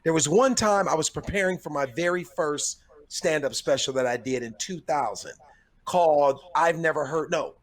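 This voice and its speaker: A man's voice: fairly high pitch, normal speed. A middle-aged man comedian, a guest on a podcast, telling stories thoughtfully and repeating words as he gathers his thoughts. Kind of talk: casual chat, storytelling.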